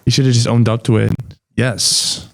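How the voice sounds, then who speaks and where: A man's voice: medium pitch, little pitch movement, racing, creaky, mellow, slight background noise. A man who is a regular running the tech on a casual morning show, tossing out wry, teasing quips.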